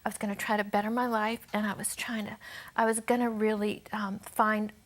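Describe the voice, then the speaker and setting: A woman's voice: mid-range voice, level tone, brisk. A woman telling her personal testimony as a guest, earnest and often dropping to a near whisper.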